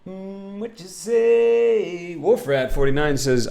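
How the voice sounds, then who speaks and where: A man's voice: high voice, takes it slowly, warm tone. A man in his twenties chatting casually with his live-stream audience while gaming, rambling, reading chat aloud and breaking into silly sing-song bits. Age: 20s.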